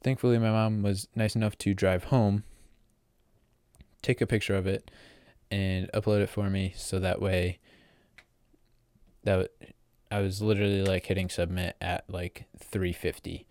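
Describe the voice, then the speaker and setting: Rambling teenage guy, very low voice. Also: level tone, a little slow, darkish tone, no room sound. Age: teens. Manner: rambling, filler-heavy, self-correcting. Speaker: vlogger. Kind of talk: casual storytelling.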